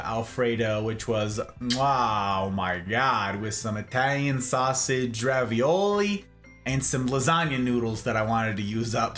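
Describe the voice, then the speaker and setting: A man hosting a casual livestream, chatting with viewers in a jokey, exclamatory way. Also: medium pitch. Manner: animated, jokey, exclaims and laughs often. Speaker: livestream host. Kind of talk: casual chat with live viewers.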